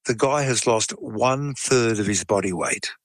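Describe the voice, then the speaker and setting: A man's voice: lowish voice, normal speed, no echo, poor audio. A man explaining science in a chatty way, telling a case story and acting out what people said. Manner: explanatory, chatty, acts out quoted speech. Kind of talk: conversational storytelling.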